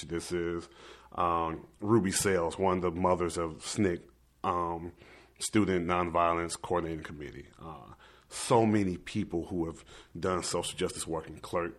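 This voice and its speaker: Deep-voiced young man telling a story. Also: fairly bright tone. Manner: earnest, emotional, quotes himself and others. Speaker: activist guest. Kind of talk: personal storytelling in conversation.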